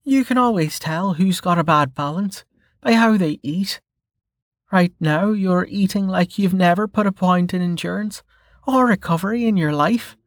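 A man's voice: high voice, normal speed, no room sound, pitched above the performer's own voice. A man voicing a tired, blunt young woman fighter who talks in a dry, matter-of-fact, teasing way.

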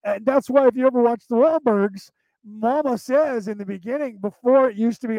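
A man from central California with a Southern drawl and Boston touches, hosting a podcast in fast, rambling casual talk full of fillers. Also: extremely high pitch, a little mellow, no room sound, dull audio. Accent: American with Southern drawl and Boston touches. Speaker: podcast host.

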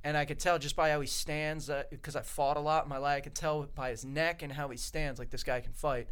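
A man with a slightly raised voice tells a rough bar story in loose, profane conversation. He keeps it conversational and chatty. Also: fairly high pitch, fairly even intonation, fairly bright tone. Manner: loose, profane, chimes in with quick reactions. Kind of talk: casual storytelling chat.

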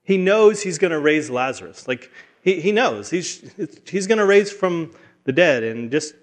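A man's voice: on the high side, animated, unhurried. A man preaching a sermon as a pastor, talking earnestly and often restarting his words.

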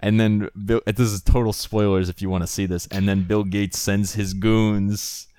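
A man's voice: fairly low pitch, little pitch movement, moderate pace, warm tone, clean tone. A young man co-hosting a podcast, rambling and joking, laughing and swearing freely in casual chat. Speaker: podcast co-host.

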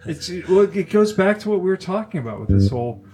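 A man's voice: sits high, sing-song, fast, slight background noise. A man co-hosting a casual podcast, mostly chiming in with short reactions and counting in songs. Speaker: podcast co-host and musician. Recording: loud guitar music behind the talk.

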